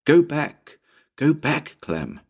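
A man's voice: fairly high pitch, sing-song, takes it slowly, husky, voice pushed up, full character voice. Anne, a man voicing a pleading ghostly young woman. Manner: pleading, tearful and breathless.

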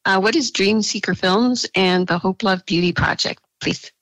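A woman's voice: mid-range voice, normal speed, fairly bright tone, no echo, low-quality recording. A woman hosting a radio interview, gracious and encouraging toward her guest. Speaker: radio host.

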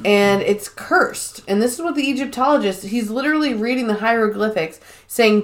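A woman's voice: on the high side, moderate pace. Swearing woman recapping a movie. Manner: animated storytelling, heavy swearing. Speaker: podcast co-host. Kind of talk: casual chat recapping a film.

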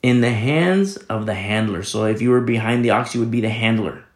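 A man's voice: lowish voice, a little fast, roomy sound. A man pastor giving a conversational Bible teaching sermon, rambling with many restarts and sudden emphatic rises.

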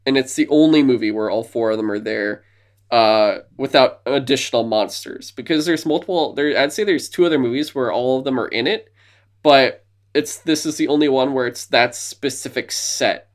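A man's voice: medium pitch, normal speed. A man co-hosting a casual podcast, eagerly retelling movie scenes and now and then dropping into silly voices. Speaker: podcast co-host.

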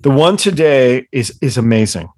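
A man chatting casually as a podcast guest, an excitable storyteller who swears freely and often trips over his own restarts. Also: mid-range voice, moderate pace, dry recording, clean studio sound. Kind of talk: casual chat.

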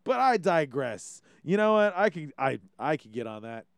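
A man's voice: fairly high pitch, big pitch swings, normal speed, clear, resonant tone, no room sound. A man from Hawaii hosting a podcast, ranting casually and swearing freely as he acts out quotes. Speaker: podcast host. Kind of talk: casual opinion chat.

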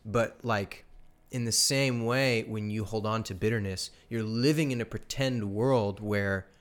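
A young man co-hosting a casual faith talk, animated as he tells stories and acts out quoted exchanges. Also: lowish voice, unhurried. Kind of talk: casual chat. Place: live stream studio.

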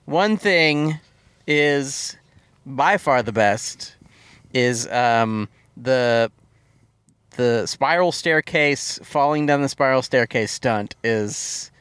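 A man chatting casually about a film on a podcast, agreeable and quick to laugh, recorded in a car. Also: medium pitch, animated, fairly bright tone, clean tone, no room sound. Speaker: podcast co-host. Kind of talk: casual film review chat.

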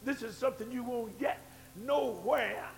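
A man preaching in church with a very high, gravelly voice. He drops into low asides, then builds to shouted, fervent climaxes. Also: a little slow, slight background noise. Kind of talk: sermon.

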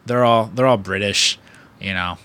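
A man's voice: on the low side, moderate pace, pushed and bright. An American man in his thirties from the Chicago area, chatting casually as a podcast host in a rambling, enthusiastic way. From Chicago area, USA. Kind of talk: casual chat.

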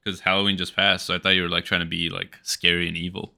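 A man's voice: deep voice, level tone, fast, vocal fry, pushed and bright. A man co-hosting a podcast, teasing his partner in playful casual chat. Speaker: podcast co-host.

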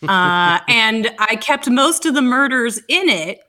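A woman hosting a podcast in easy, joking conversation. Her voice is bright and clear, and she fills pauses with plenty of uhs and ums. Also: fairly high pitch, expressive. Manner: chatty, joking, many fillers. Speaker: podcast co-host. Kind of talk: casual podcast chat.

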